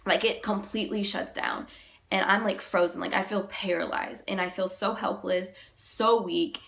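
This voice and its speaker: A young woman vlogger, sick and deeper-voiced than usual, retelling a personal story in a halting, emotional way, full of "like". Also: steady tone, vocal fry, fairly bright tone.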